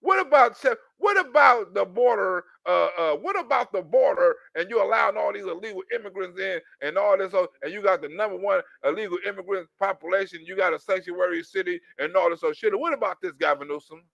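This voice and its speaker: A man giving loud, profane reaction commentary, laughing and mimicking a politician as he talks. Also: high-pitched, fairly quick, vocal fry, few pauses, no echo, lo-fi sound. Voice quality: animated, profane, laughing while talking. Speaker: commentary YouTuber.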